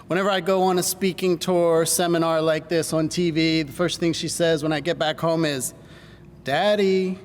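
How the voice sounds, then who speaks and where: High-voiced man giving a seminar talk. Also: brisk, hardly any pauses. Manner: energetic, engages the audience with call-and-response. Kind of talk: stage presentation to a live audience. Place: large hall with audience. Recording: hall reverb, faint rumble.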